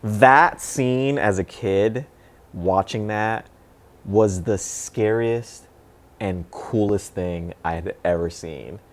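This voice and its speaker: A man's voice: lowish voice, slow pace. A middle-aged man co-hosting a casual movie talk show, who laughs often and acts out scenes as he talks. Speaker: co-host.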